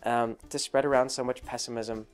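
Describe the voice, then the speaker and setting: A man's voice: mid-range voice, fairly even intonation, brisk, soft background music. A man hosting his own video, talking through his views in a loose, rambling monologue full of "like" and "you know" and frequent restarts. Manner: rambling, heavy on fillers and restarts. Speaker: video host. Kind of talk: casual commentary monologue.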